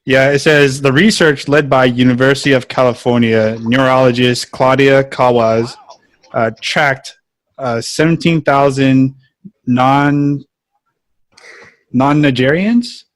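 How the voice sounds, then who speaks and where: A man hosting a casual podcast, reading a news item aloud with halting fillers. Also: medium pitch, steady tone, no echo. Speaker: podcast host. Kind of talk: casual chat.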